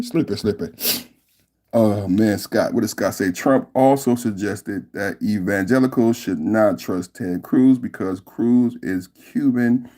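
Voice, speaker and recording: A man hosting a live reaction stream, rambling loudly and repeating phrases between bursts of laughter. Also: fairly low pitch. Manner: loud, laughing, rambling and repetitive. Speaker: podcast host.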